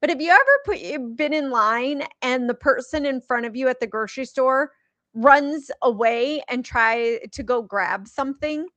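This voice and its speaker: A middle-aged woman co-hosting a casual podcast, chatty and quick to add details and questions. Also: high-pitched, lively intonation, a bit bright, dry recording. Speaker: podcast co-host. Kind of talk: casual drunk movie recap.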